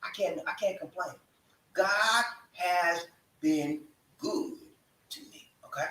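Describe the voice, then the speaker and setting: With a high, slow, pushed and bright delivery, a Southern American man hypes his live stream audience. He leads call-and-response chants with the energy of a preacher in an excited chat session. An echoey room and a distant mic shape the sound.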